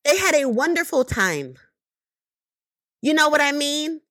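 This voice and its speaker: A woman's voice: sits high, sing-song, a little slow, fairly bright tone, no echo. A woman giving an impassioned, profane commentary monologue, full of rhetorical questions and emphatic repetition. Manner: emphatic, profane, rhetorical questions, repeated "you know what I mean".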